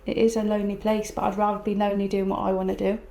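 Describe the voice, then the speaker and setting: Woman with a gravelly voice giving advice. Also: medium pitch, little pitch movement, dark tone. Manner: reflective, measured advice-giving. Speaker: podcast co-host. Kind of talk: casual chat.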